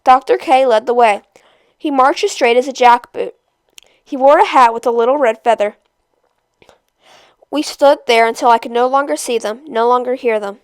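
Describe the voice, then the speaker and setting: A woman reading a novel aloud chapter by chapter, in a steady, measured storytelling voice. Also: on the high side, smooth, no room sound. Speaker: storybook reader.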